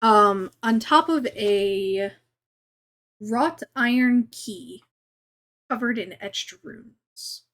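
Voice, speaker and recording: A woman running a tabletop game as game master, chatty and relaxed, with lots of fillers. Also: fairly high pitch, very slow.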